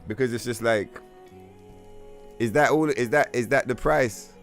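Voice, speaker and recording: A man's voice: mid-range voice, a little slow, soft background music. A man from London with a London accent, chatting bluntly and profanely as he streams a game, with trollish banter. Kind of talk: casual livestream chat.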